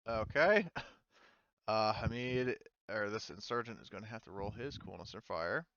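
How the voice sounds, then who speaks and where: A man's voice: on the low side, animated, normal speed, fairly bright tone, dry recording. A man running a tabletop war game as game master, talking loosely with lots of fillers and restarts. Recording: slightly dull, lo-fi mic.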